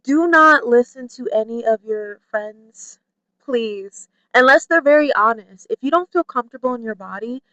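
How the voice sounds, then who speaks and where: A woman vlogger talking candidly to camera in a chatty way, full of "like" and "you know", who mimics her friends in a high playful voice. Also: lively intonation, moderate pace, pushed and bright, no room sound, lo-fi sound. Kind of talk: candid personal talk to camera.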